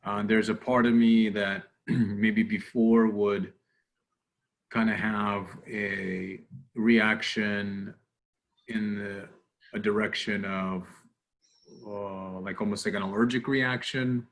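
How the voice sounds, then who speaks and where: Slow, hesitant low-voiced man. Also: level tone. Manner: hesitant, with many ums and uhs. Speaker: group discussion participant. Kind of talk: personal sharing in a spiritual study group.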